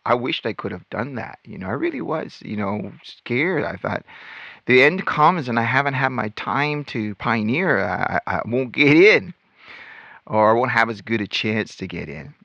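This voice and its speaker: Male host, personal testimony, gravelly lively delivery, dry dull sound. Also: medium pitch, moderate pace, no room sound. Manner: animated storytelling, acts out quotes. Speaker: ex-Witness channel host.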